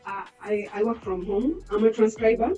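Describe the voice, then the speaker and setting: Female panelist, hesitant and mellow, dull echoey distant line. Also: medium pitch, normal speed, faint music behind. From East Africa. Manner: hesitant, many fillers, trailing off quietly. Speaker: panelist, transcriber. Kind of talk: online panel discussion. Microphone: video call. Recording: muffled echoey distant video call.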